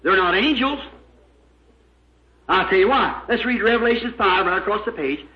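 Fervent preacher, a man with a very high voice, captured in a roomy, echoey church. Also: expressive, normal speed. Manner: emphatic, fervent, spells out words letter by letter. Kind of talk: sermon. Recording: echoey, dull lo-fi old recording.

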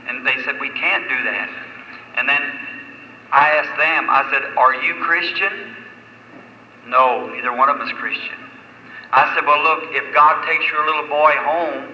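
A man's voice: on the high side, bright, forceful tone, a little hiss or hum. A man preaching a sermon, telling a story in a folksy way that rises into fervent exhortation. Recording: old lo-fi echoey hall recording.

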